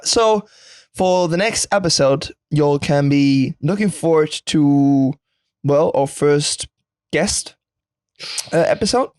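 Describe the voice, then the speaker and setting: Giggly man with a higher voice. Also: slow pace, darkish tone, no echo, clean studio sound. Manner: giggly, joking, often laughing. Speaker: podcast co-host. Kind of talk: casual chat.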